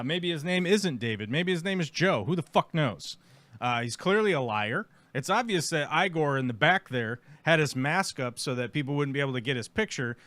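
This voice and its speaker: A man's voice: mid-range voice, fairly bright tone, dry recording. A man hosting a live stream, commenting on clips in a sarcastic, profane, mocking way.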